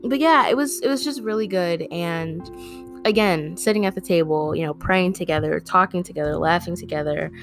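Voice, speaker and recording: A woman's voice: fairly low pitch, normal speed, vocal fry. A young woman vlogging, telling a personal story in a rambling, earnest way with lots of fillers. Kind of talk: casual storytelling to camera. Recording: faint guitar music behind.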